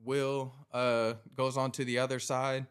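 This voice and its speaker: A man's voice: mid-range voice, flat delivery, unhurried, clean tone. A man in his thirties, a podcast guest, telling a story in a loose, casual way with lots of filler words. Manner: laid-back, loose, filler-heavy delivery.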